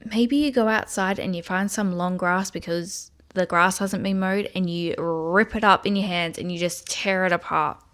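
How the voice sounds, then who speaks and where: A woman's voice: fairly low pitch, fairly even intonation, normal speed, hardly any pauses, fairly bright tone. A woman giving a self-help video lesson, earnestly guiding the listener step by step and speaking affirmations aloud. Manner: speaks tapping affirmations aloud in first person.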